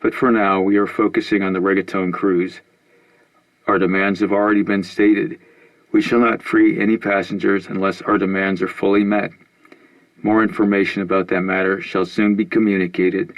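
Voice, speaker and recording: A man reading out a female news anchor's broadcast of a militant group's statement, in a loud, formal, declaiming manner. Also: deep voice, flat delivery, moderate pace, lo-fi sound. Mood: stern, formal.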